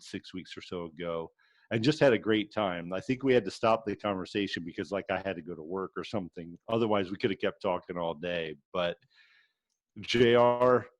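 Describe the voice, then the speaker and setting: A middle-aged man co-hosting a sports podcast, chatting excitedly with casual slang. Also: fairly low pitch, dry recording. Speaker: podcast co-host. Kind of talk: casual chat.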